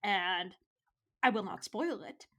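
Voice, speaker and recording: A woman joins a casual podcast discussion with an animated, eager delivery. Her speech is peppered with likes and quick agreement. Her voice is bright at an ordinary pitch for a woman. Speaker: podcast cast member.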